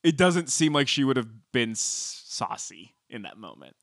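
A man co-hosting a podcast in casual chat, animated, arguing his own take on the scenes. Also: medium pitch, normal speed, creaky, no room sound, studio quality. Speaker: podcast co-host.

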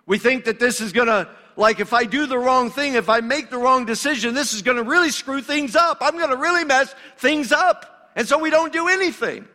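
A man's voice: extremely high pitch, brisk, hardly any pauses, pushed and bright. A male pastor delivering a sermon in a conversational, emphatic way, in a church sanctuary. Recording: long reverb of a large hall.

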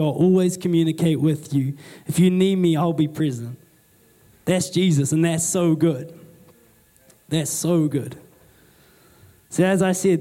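A man's voice: a little high, mellow. A young man preaching a sermon in a conversational way, asking the congregation rhetorical questions and ending remarks with "eh?". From New Zealand. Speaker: pastor.

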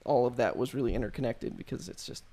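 A man's voice: mid-range voice, fast talker, mellow. Young guy rambling through a creepy story, lots of cursing and "like", mid voice. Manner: loose, profane storytelling full of "like". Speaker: storyteller among friends. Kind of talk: casual chat.

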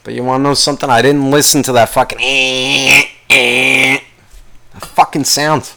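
A man's voice: mid-range voice, fairly even intonation, quick pace, slight background noise. A man hosting his own podcast alone, ranting angrily in a rambling, profanity-heavy way. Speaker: podcast host. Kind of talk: solo podcast rant.

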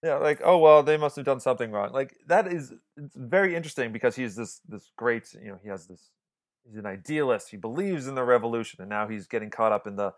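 Rambling, animated male film podcaster. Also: mid-range voice, fairly quick. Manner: rambling, animated, swears, many restarts. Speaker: podcast co-host. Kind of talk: casual film review chat.

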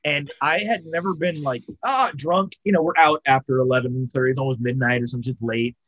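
A man's voice: mid-range voice, steady tone, fast talker, fairly bright tone, dry recording, lo-fi sound. A man telling a long story in casual, profane chat, full of fillers and restarts. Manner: rambling and profane, with lots of fillers. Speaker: storyteller among friends.

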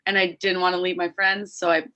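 Casting: young woman from Minnesota, bright voice, chatty guest who laughs often. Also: on the low side, little pitch movement, brisk. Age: young adult. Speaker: guest hockey player. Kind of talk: casual podcast interview.

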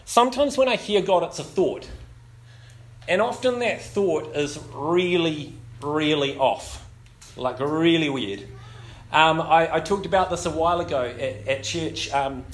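Animated New pastor preaching. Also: male voice, on the high side, unhurried. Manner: animated, self-deprecating, many fillers. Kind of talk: sermon with humorous storytelling.

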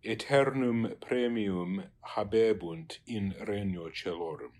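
A man working through Latin translation exercises as a teacher, halting and trailing off quietly. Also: lowish voice. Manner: halting, many fillers and restarts, trails off quietly.

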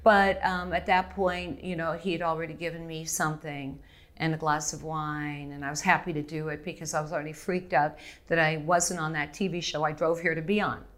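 A woman's voice: deep voice, little pitch movement, brisk, fairly bright tone. A middle-aged woman from Montreal, a guest speaking frankly and with animation in an interview, often laughing and restarting her sentences. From Montreal, Canada. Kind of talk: candid interview conversation.

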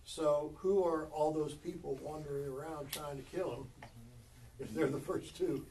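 A man in a group Bible study, thinking aloud in a halting way with many pauses and ums. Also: a little high, steady tone, mellow, far from the mic, a little hiss or hum, low-quality recording.

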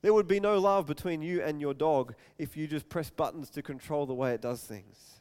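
A man preaching a sermon, telling an animated story and acting out the voices in it. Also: on the high side, moderate pace, clean tone. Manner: animated, acts out scenes with quoted voices.

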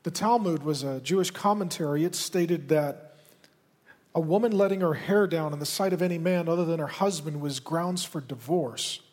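Pastor, male, fairly high husky voice, direct conversational sermon delivery, reverberant hall. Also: normal speed, a little mellow. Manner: direct, conversational preaching with pointed asides.

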